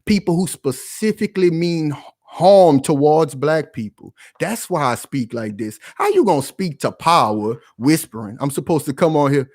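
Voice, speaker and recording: Loud, confrontational male commentator. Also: a little high, lively intonation, normal speed, no echo, studio quality. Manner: rhetorical questions, slangy. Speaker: commentary channel host. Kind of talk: heated commentary.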